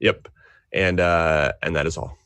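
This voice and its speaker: A man's voice: low voice, fairly even intonation, measured pace, fairly bright tone, clear, resonant tone, dry recording. A man playing a tabletop game, laid-back and a bit hesitant. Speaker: player.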